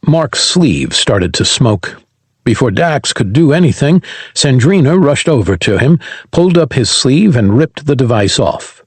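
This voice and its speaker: A man's voice: medium pitch, big pitch swings, measured pace, husky, no room sound. A man narrating a science fiction audiobook and voicing every character himself.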